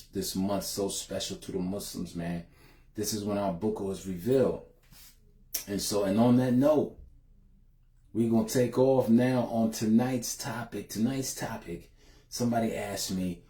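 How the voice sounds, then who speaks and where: A man's voice: on the low side, dark tone. A middle-aged man hosting a live talk stream, speaking in a folksy, heartfelt way, adding "man" to his sentences. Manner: folksy, says "man" often, emotional. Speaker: host of a live show. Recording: echoey room.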